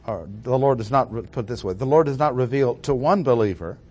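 Deliberate male preacher stressing key words. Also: medium pitch, darkish tone. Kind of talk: expository sermon.

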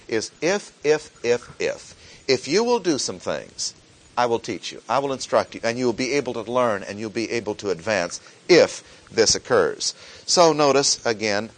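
A man's voice: fairly low pitch, poor audio. A man preaching a sermon, reading scripture verses and pressing them with pleading emphasis.

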